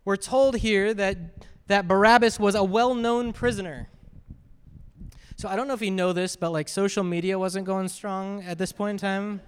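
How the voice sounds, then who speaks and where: A man's voice: sits high, steady tone, normal speed, clear, resonant tone. A man preaching a sermon as a pastor, talking conversationally and often asking the congregation "right?". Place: church sanctuary. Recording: reverberant hall.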